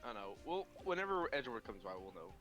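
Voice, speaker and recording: A man's voice: medium pitch, big pitch swings, quick pace, bright, forceful tone, soft background music, poor audio. A man chatting casually while playing a game together, joking and reading lines aloud. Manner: playful, reads game lines in character voices. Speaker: co-player voicing game characters. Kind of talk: casual let's-play chat.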